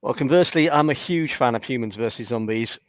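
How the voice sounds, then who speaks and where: A man's voice: medium pitch, a little fast, no room sound. A man from England, a guest on a casual chat, talking eagerly in a storytelling way. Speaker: podcast guest.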